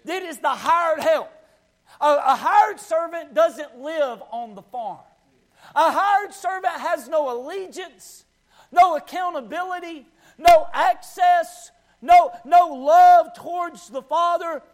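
A man with an Appalachian accent preaching a sermon, fervent, often rising to a shout and calling for amens. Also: very high-pitched, takes it slowly.

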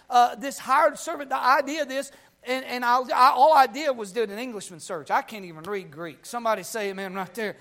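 A man with an Appalachian accent preaching a sermon, fervent, often rising to a shout and calling for amens. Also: very high voice.

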